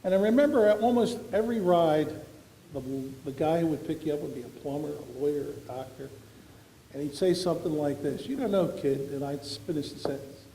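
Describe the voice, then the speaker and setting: A man's voice: a little high, a little fast, mellow, slight background noise. A man, giving an after-dinner award speech full of folksy, self-deprecating anecdotes. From Philadelphia. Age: 70s. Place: large banquet hall. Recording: echoey banquet hall recording.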